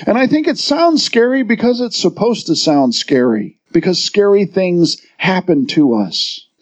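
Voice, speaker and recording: A man preaching a sermon to his congregation, telling folksy stories with gentle humor. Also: fairly high pitch, muffled recording. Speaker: pastor. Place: church sanctuary.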